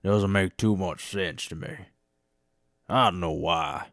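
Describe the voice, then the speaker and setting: Gravelly, weary cowboy outlaw, put on by a man; low and dry. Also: slow, a bit bright, no room sound, heavily acted. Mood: musing.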